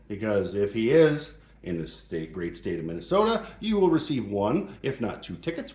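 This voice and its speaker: A man's voice: medium pitch, darkish tone. A middle-aged man hosting a joking advice talk, playful and mock-serious, in a home shop. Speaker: host. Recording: roomy echo.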